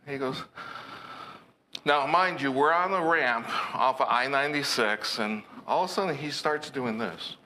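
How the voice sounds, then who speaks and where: A man preaching with a bright, forceful voice and a playful, teasing way of telling a story from the pulpit. A faint hiss runs under the recording. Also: mid-range voice, a little slow, poor audio. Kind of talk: storytelling sermon.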